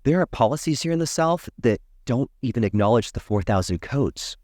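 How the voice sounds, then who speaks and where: A man who works as a dental hygienist, a podcast guest telling an animated story and acting out the people in it. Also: mid-range voice, a little fast, no echo, clean studio sound. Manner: emphatic, acts out the people in his stories.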